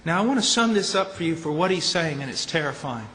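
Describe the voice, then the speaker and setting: A man preaching at a conference, emphatic, ranging from low, quiet statements to shouted points. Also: lively intonation, quick pace. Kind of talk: conference sermon. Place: large conference hall. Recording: echoey hall with faint noise.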